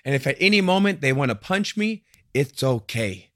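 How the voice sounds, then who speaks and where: A man in casual podcast conversation, talking in an animated way and acting out the voices he quotes. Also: medium pitch, moderate pace, no echo, studio quality.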